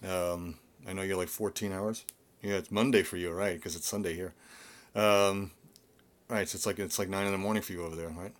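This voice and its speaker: Chatty, low-voiced male vocal coach. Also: fairly even intonation, brisk. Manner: chatty, rambling with many fillers and restarts. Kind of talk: casual live-stream Q&A. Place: home.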